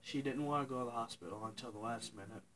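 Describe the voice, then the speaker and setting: A young man telling a painful personal story to his viewers, halting and tearful, pausing and restarting as he cries. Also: mid-range voice, fairly bright tone, poor audio. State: crying. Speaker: vlogger. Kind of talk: emotional personal story to camera.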